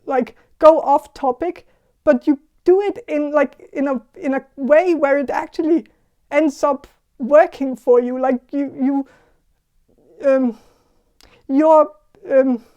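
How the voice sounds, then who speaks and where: A woman giving a casual tarot reading, talking in a halting, hesitant way with many fillers and restarts. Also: high voice, steady tone, warm tone, highs cut off. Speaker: tarot reader.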